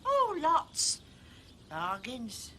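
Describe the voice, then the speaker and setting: A vague, chatty mum from an old tv police drama. her voice swings up and down and sounds bright and lively, and it rambles on with guileless asides. faint soundtrack noise runs underneath. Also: sits high, very slow, heavily acted. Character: vague, chatty older mother, house-proud. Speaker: householder questioned by police. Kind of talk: 1980s television police drama.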